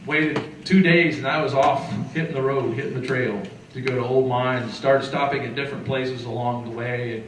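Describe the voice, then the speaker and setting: A middle-aged man from southeastern Illinois telling a story to a live audience, acting out the quotes in a lively, folksy way. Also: mid-range voice, normal speed, few pauses, a little hiss or hum. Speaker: musician and folklorist. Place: lecture hall. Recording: echoey hall recorded from far off.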